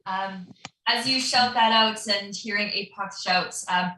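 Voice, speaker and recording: Lady dm describing the fight, bright voice, kinda far off, echoey room. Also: mid-range voice, unhurried, slight background noise. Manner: loose, descriptive narration with many fillers. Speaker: dungeon master. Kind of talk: narrating a tabletop game.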